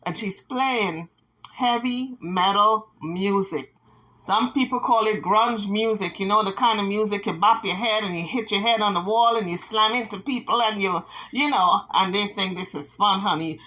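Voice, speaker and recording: A woman's voice: medium pitch, moderate pace, sharp tone, rough recording. A woman vlogger giving casual gossip commentary, dramatic and playful, with sassy asides.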